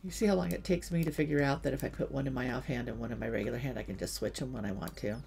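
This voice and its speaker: Low gravelly-voiced woman streamer. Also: very fast, a little mellow, soft background music. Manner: chatty storytelling with asides to the game. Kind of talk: casual gaming livestream chat.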